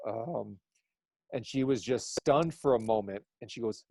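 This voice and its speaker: A man's voice: mid-range voice, normal speed, darkish tone, dry recording. A man who works as an eyewitness sketch artist, talking in a casual podcast conversation and rambling with many restarts.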